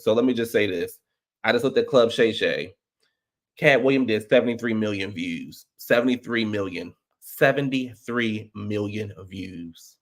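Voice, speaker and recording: Dismissive man in casual chat. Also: fairly low pitch. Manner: repetitive, dismissive.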